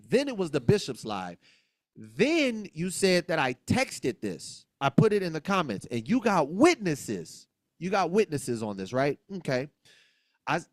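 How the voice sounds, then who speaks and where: A man talks on a podcast with a higher-than-usual voice that swings widely as he argues his side. He is emphatic and presses his points again and again. The sound is close and dry. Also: no echo. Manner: emphatic, argumentative, quoting others, repeats himself. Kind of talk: heated podcast talk, recounting a dispute.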